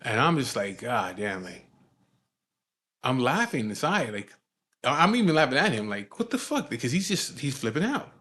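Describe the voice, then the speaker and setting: A man's voice: medium pitch, very animated, moderate pace, pauses often, sharp tone. A man telling a story in a casual, profane, laid-back way.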